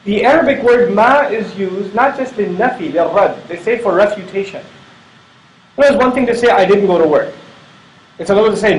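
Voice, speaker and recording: High-voiced man giving an echoey lecture. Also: a little hiss or hum. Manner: explanatory, repetitive emphasis, acts out quoted dialogue. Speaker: Islamic speaker. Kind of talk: Quran lecture.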